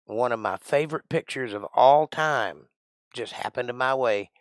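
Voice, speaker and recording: A middle-aged man from Georgia with a Southern accent, chatting playfully and rambling on his livestream, now and then bursting out loud. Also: medium pitch, moderate pace, no echo, studio quality. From Georgia, USA. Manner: playful, rambling, jokey with sudden loud outbursts. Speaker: livestream host. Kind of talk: casual livestream chat.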